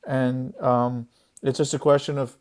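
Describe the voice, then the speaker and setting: A man's voice: mid-range voice, flat delivery, a little slow, darkish tone, clear, resonant tone. A man on a video call, a music scholar speaking as a panelist in a casual webinar, thinking aloud in a reflective way.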